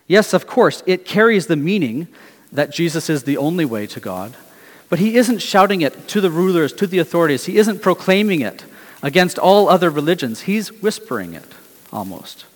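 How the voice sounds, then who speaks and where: A middle-aged man preaching in a church hall, his fairly high voice carried by long reverb. He asks questions earnestly and lets some phrases fall quiet. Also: sing-song, normal speed. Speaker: pastor. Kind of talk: sermon.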